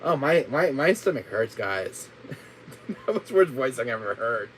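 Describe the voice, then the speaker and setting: A man's voice: mid-range voice, big pitch swings, normal speed, slightly rough, poor audio. A man chatting casually on his gaming livestream, laughing constantly at his own jokes. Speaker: gaming streamer.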